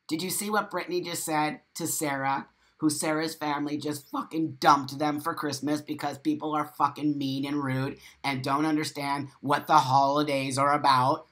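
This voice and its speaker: A man hosts a live morning stream, reading viewer comments aloud and reacting with emphatic, profane, repetitive talk. His voice sits on the high side, moving at a moderate pace with few pauses, animated and punctuated by sudden loud exclamations.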